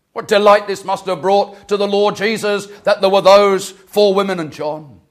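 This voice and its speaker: A man preaching an earnest sermon, repeating phrases and restarting, swelling louder then dropping low.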